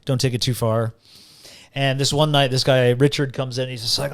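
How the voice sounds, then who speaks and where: Animated male storyteller. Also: mid-range voice. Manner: animated, vivid storyteller who often slows down for effect. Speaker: podcast guest. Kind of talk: casual storytelling chat.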